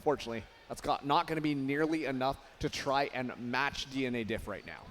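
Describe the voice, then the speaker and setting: A man casting a live esports match with energetic play-by-play that rises to shouts on big plays. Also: medium pitch, fairly quick. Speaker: esports caster.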